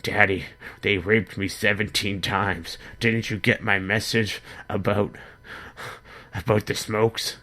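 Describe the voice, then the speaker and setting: Sullen, whiny son in prison, voiced by a man, low voice and bright edge. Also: little pitch movement, slow pace, exaggerated voice.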